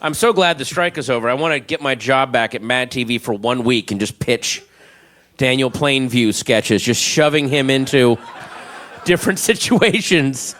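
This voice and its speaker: A man's voice: medium pitch, moderate pace, a bit bright. A man doing a stand-up comedy set, rambling, profane and self-mocking.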